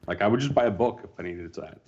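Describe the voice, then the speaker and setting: Low male podcast guest, measured storyteller, muffled lo-fi audio. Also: expressive, a little mellow. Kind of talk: casual podcast chat.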